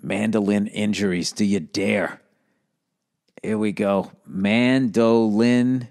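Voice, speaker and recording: A man's voice: fairly low pitch, fairly even intonation, takes it slowly, darkish tone. A man hosting his own show, telling a rambling, profane comic story to listeners with many fillers and restarts. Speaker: comedian podcast host.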